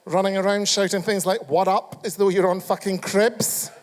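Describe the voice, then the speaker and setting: A man's voice: sits high, little pitch movement, normal speed. A Scottish man hosting a live chat show, teasing the audience in a camp, foul-mouthed way. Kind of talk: live stand-up crowd work. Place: live comedy venue.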